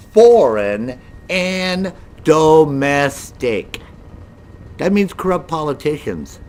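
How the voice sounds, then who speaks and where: A middle-aged man ranting casually with a lot of profanity, in a lively, mocking storytelling way. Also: medium pitch, slight background noise. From United States. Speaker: gaming streamer.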